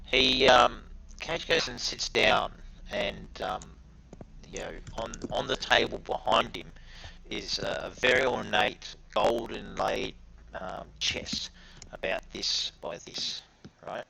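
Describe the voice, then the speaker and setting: A man narrating as game master, halting with many fillers as he describes the scene. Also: mid-range voice, steady tone, vocal fry, sharp tone, low-quality recording.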